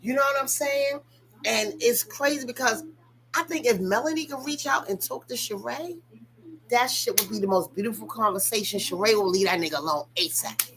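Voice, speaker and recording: A woman's voice: a little high, normal speed, a bit bright, a little hiss or hum. A woman vlogger giving casual, emphatic, profane commentary on a reality show, talking straight to her viewers.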